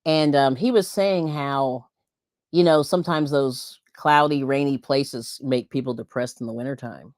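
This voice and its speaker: A woman's voice: rumbling low, measured pace, a little mellow, no echo, clean studio sound. A middle-aged woman from Pennsylvania hosting a livestream, chatting casually and laughing often as she reads viewer comments. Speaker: livestream host.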